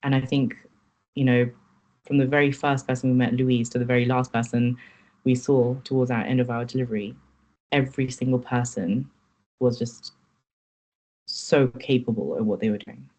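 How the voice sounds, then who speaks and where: A woman's voice: a bass voice, fairly even intonation, moderate pace, pauses often, a little mellow, low-quality recording. Woman, podcast guest, earnest, candid, reflective personal story. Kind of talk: personal account in interview.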